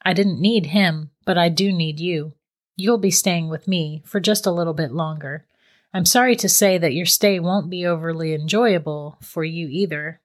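A woman voicing a calm, teasing witch who holds a young man captive, speaking matter-of-factly in a storybook reading. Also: lowish voice, moderate pace, lightly acted. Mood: cool, teasing. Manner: calm, matter-of-fact and mocking. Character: cold, teasing middle-aged female witch captor.

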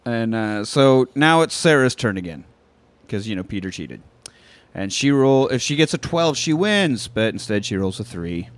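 A man hosting a podcast, casually recapping a film with crude jokes and quick acted-out lines. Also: medium pitch, very animated. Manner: profane, jokey, acts out movie lines. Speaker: podcast host.

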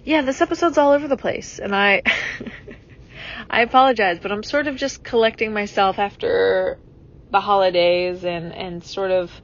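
A woman's voice: mid-range voice, normal speed, highs cut off. A young adult woman hosting a solo podcast, musing reflectively and rambling with many fillers and restarts. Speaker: podcast host.

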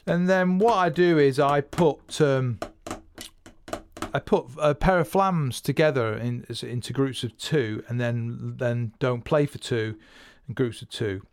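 Speaking a little slowly in a mid-range voice, this podcast host teaches drumming casually, wandering off track, restarting and fixing his phrasing while he counts out beats and sings the patterns aloud. There's slight background noise.

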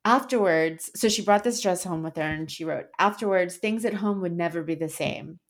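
A woman's voice: lowish voice, moderate pace. A young adult woman co-hosting a podcast in casual chat, who reads a spooky online post aloud and laughs and swears along the way. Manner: chatty, laughing, swears for emphasis. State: tired. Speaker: podcast co-host.

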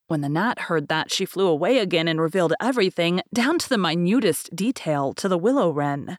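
A woman with a fairly low voice reads a fairy tale aloud in a measured, expressive way. The sound is dry and close, with no room around it. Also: no room sound. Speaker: podcast host and reader. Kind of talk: storybook narration.

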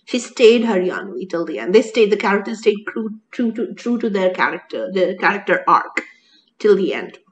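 A woman co-hosting a casual chat, talking in an animated way with many restarts and laughs. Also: medium pitch, moderate pace, poor audio. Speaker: co-host reviewing a TV serial.

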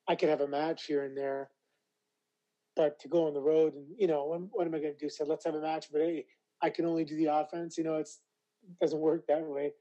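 A Canadian man in his forties, a retired wrestler, telling animated stories as an interview guest. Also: a little high, lo-fi sound. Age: 40s. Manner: animated storyteller, acts out quoted voices. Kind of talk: casual interview.

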